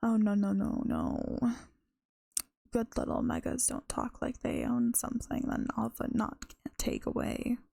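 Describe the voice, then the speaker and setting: A woman reading the lines of a smug male caller who tries to sound smooth while making threats, in her own gravelly, husky voice. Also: on the high side, steady tone, unhurried, warm tone, no room sound, studio quality, heavily acted. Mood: taunting. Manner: smooth-trying, mocking.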